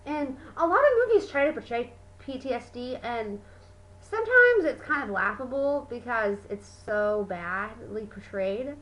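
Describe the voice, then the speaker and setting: A young woman talks in a casual video review, bubbling with excitement and packing her speech with fillers. Her voice sits a little high and rings very bright. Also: a little slow, low-quality recording. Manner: gushing, excitable, full of fillers. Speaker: book and movie vlogger.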